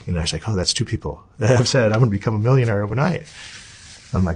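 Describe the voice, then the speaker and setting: Man, middle-aged, husky low voice, animated interview storytelling, swears freely. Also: brisk. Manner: animated, profane storytelling, voices others in quotes. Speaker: interview guest.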